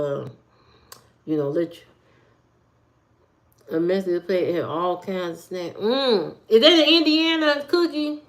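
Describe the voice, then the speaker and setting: A woman live streaming from home, chatting loosely with viewers and reading their comments in a rambling, talkative way. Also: mid-range voice. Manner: rambling, loose and talkative, with frequent fillers and repeats. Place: at home, indoors.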